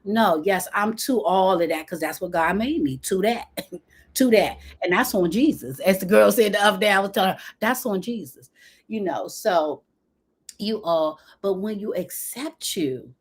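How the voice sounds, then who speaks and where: This is a motivational speaker on a livestream, urging self-acceptance in an excitable, animated way and speaking to viewers as "y'all." Her pitch jumps around, her pace is moderate, and there's a breathy edge to her voice, captured by a phone or webcam mic.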